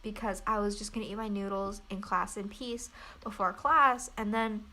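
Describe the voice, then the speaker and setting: A woman's voice: medium pitch, steady tone, moderate pace, bright, forceful tone, rough recording. A young woman co-hosting a casual podcast, telling a story in a chatty, laughing way. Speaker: podcast co-host. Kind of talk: casual chat.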